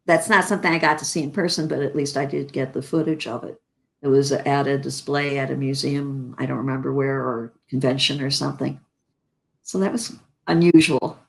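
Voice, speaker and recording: With a deep voice and some vocal fry, this older Chicago woman tells anecdotes as an interview guest. She's an actress and performs the quoted lines in her lively stories.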